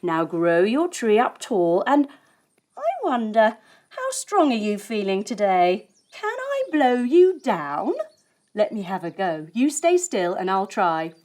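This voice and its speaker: A woman telling a story as she leads a yoga lesson for children, playful and gentle as she guides each movement. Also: mid-range voice, very animated, slow pace. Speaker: kids' yoga instructor.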